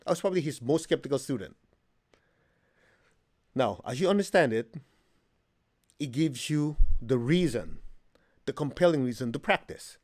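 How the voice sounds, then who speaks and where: A man teaching a meditation and healing class, plain-spoken and humorous, asking the class questions and acting out quotes with sudden high jumps in pitch. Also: lively intonation, moderate pace, long pauses. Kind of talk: spiritual class talk.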